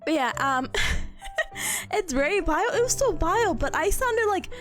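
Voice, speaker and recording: A woman streamer chatting casually, her voice a little sick and hoarse, animated and laughing often. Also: very high voice, moderate pace, soft background music. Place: small rented room indoors. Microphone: streaming setup with headphones on.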